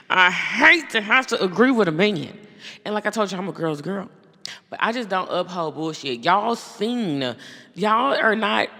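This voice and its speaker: A woman hosting a podcast, giving blunt, profane, animated commentary in a casual way. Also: lowish voice, gravelly, in a large hall. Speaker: podcast host.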